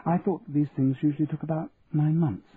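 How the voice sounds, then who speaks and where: A man's voice: fairly high pitch, fairly even intonation, a little fast, voice pushed up, natural voice. A man voicing a witty, upper-class English lady who teases her guests in a posh drawl. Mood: teasing. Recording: tinny, phone-like audio, faint hiss.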